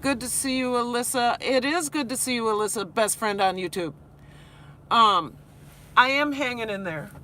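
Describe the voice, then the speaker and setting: Bright-voiced worn-out teacher vlogging. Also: female voice, on the high side, slight background noise. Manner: emotional, earnest, halting with restarts. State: worn out after crying. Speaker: high school teacher and vlogger. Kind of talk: live-stream vlog, reading chat.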